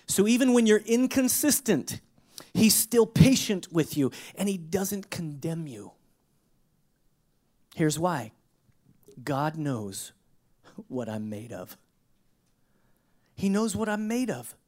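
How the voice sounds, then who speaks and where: In a chatty, conversational sermon, a pastor poses question after rhetorical question. He swings from emphatic bursts down to hushed, low asides.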